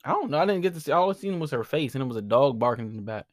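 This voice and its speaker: A young man co-hosting a podcast, telling a story in casual chat, animated and laughing often. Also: mid-range voice, rapid-fire. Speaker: podcast co-host.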